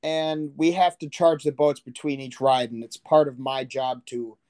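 A man's voice: mid-range voice, flat delivery, normal speed, darkish tone, no echo. A man with a mid-range voice in a dry, close recording. He talks loosely and wanders through stories about his week, swearing casually. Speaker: podcast co-host. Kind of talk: casual chat.

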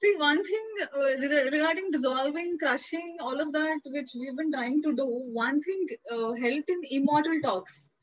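Woman w high voice, kinda halting, dull muffled call sound.

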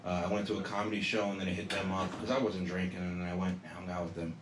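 A man's voice: low voice, little pitch movement, quick pace, slight background noise. A young man doing a stand-up set, loose and profane, riffing with the crowd. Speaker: stand-up comedian. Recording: echoey room recorded from afar.

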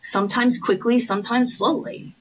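A woman co-hosting a podcast, talking earnestly and encouragingly in casual chat, with quick laughs and the odd swear word. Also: fairly high pitch, steady tone, a crowd in the background, low-quality recording. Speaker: podcast co-host, recovery sponsor.

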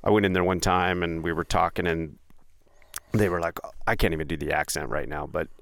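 A man's voice: deep voice, fairly even intonation, a little fast, gravelly, fairly bright tone. A man hosting a podcast, chatting casually and rambling, with frequent fillers and restarts. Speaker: podcast host. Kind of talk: casual chat.

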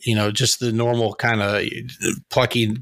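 A man co-hosting a casual movie review podcast, enthusiastic and quick to laugh. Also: fairly low pitch, little pitch movement, a bit bright. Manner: enthusiastic, laughs often, says "dude". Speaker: podcast co-host.

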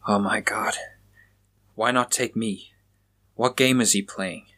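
A man's voice: fairly low pitch, steady tone, slow pace, sharp tone. A man voicing a wounded male police officer in a horror story, speaking with urgent, pained guilt.

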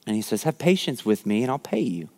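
A man preaching a sermon, telling a parable in an animated way and acting out the lines of its characters. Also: mid-range voice, fast talker. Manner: animated storytelling, acts out quoted lines. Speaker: pastor. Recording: long hall reverb.

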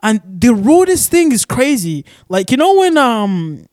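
Young guy rambling on his podcast, lots of ums and cussing, highish smooth voice. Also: very animated, unhurried, darkish tone, no room sound, studio quality. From Arizona. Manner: rambling, filler-heavy, cursing. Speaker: podcast host. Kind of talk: casual solo podcast chat. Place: shared studio office.

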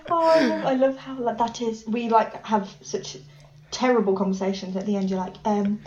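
A woman's voice: fairly high pitch, steady tone, normal speed, a loud crowd. Giggly english girl late teens, chatty podcast, kinda muffled lo-fi sound. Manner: giggly, self-deprecating, lots of laughter. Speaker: podcast co-host. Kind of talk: casual chat.

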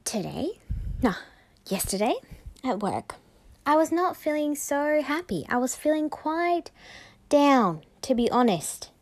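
A woman's voice: high voice, sing-song, unhurried. A woman hosting a casual solo podcast, telling a story in a chatty, enthusiastic way. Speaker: podcast host.

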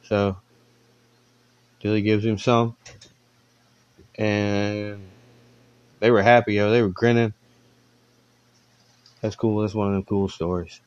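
A man's voice: on the low side, level tone, takes it slowly, long pauses, clear, resonant tone, no room sound, muffled recording. A man hosting a podcast from home, telling rambling stories in a laid-back way and laughing at them. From Virginia. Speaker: podcast host. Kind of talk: casual storytelling.

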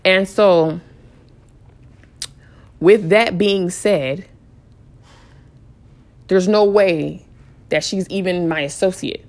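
A woman telling a casual storytime vlog, animated and full of restarts, repeating "I was like" as she retells a conversation. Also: fairly low pitch, drawn-out words, long pauses. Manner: frequent restarts and repeated phrases. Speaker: vlogger.

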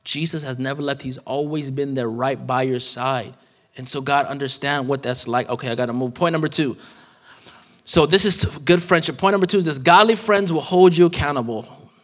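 A man's voice: mid-range voice, steady tone, a little fast, a bit bright. Conversational male preacher in a reverberant church. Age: 30s. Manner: casual, conversational preaching with slang and asides. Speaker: guest preacher. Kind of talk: sermon. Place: church sanctuary.

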